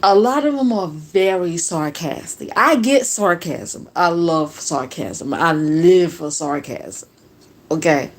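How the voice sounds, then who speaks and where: A woman's voice: lowish voice, slow pace, a little hiss or hum. Sassy, profane woman streamer from Jersey. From New Jersey. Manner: profane, sassy, sarcastic, talking straight to viewers. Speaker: livestream reaction host. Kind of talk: casual livestream commentary.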